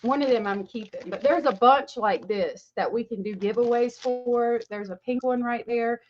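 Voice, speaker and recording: A woman's voice: fairly high pitch, moderate pace, highs cut off. A woman hosting a livestream, chatting casually and gushing as she greets viewers by name. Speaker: livestream host. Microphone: webcam mic.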